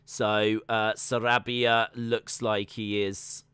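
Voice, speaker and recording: Guy on a live stream, bright crisp voice, dry close sound, chats to viewers. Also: fairly low pitch, slow pace, no echo. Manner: chatty, reads out viewer comments and answers them; excitable bursts, then trails off quietly. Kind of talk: casual live-stream watch-along chat.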